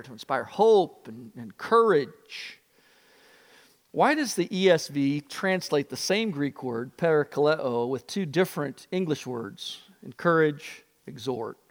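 Pastor guy preaching, kinda high voice, lively storytelling, big hall echo. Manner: animated storyteller, acts out voices. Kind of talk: sermon.

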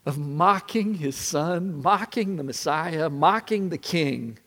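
A man preaching a sermon that retells a story in the second person, earnest and swinging from hushed passages to impassioned ones. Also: fairly high pitch, lively intonation, takes it slowly. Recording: long hall reverb.

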